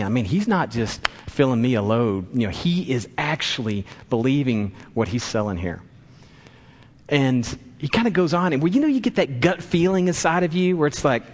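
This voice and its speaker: A long hall reverb surrounds this pastor as he preaches a sermon, recounting an anecdote and acting out the voices in quotes. His mid-range voice is very animated, moving at a normal speed.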